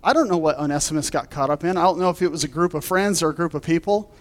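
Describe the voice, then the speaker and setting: Male pastor, lively storytelling sermon, raised pitch, chuckles easily. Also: quick pace. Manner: animated storyteller, laughs through his anecdotes. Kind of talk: sermon with a humorous personal story.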